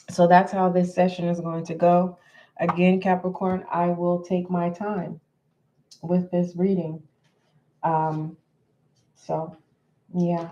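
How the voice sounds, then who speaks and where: A woman giving a tarot reading to her viewers in a deliberate way, often repeating herself and clearing her throat. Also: on the low side, mellow, muffled recording. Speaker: tarot reader. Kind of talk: slow spoken tarot reading.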